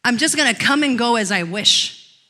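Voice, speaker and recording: A woman pastor preaching a sermon in church, telling stories and rising into loud declarations. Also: on the high side, lively intonation, moderate pace. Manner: storytelling, swells to loud declarations.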